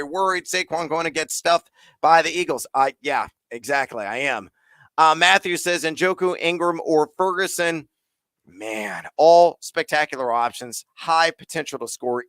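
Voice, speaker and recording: Bright, crisp rapid-fire fantasy host. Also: male voice, a little high, no echo. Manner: rapid-fire, playful, hyped sign-offs. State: out of breath. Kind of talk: live Q&A answering chat questions.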